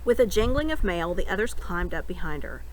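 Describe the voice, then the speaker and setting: A woman reading a novel aloud with expressive storytelling. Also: on the low side, a little fast, a little hiss or hum, low-quality recording. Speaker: reader.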